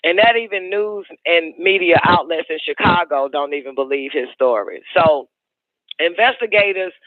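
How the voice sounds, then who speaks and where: A man hosts his own talk radio show, telling profane stories in a high voice. His delivery is crude and animated. The sound is tinny and phone-like, and dry, with no room around it. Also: normal speed, no room sound.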